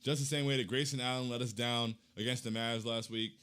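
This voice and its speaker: A young man hosting a casual postgame chat, reading fan comments in a hyped, slangy way that swings between loud chanting and low muttering. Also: steady tone, a little fast, clear, resonant tone.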